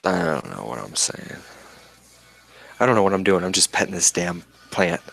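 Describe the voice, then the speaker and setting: A man's voice: low-pitched, sing-song, normal speed, gravelly, a bit bright. A man hosting a casual livestream, rambling and fidgety, talking to chat in a self-described eccentric way. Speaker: livestream host. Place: indoors at home with plants.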